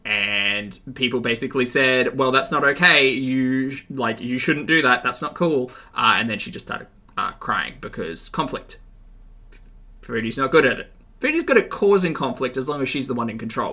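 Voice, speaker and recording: A man's voice: medium pitch, animated, moderate pace, sharp tone. A man giving sarcastic, chatty reaction commentary on a livestream. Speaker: commentary streamer.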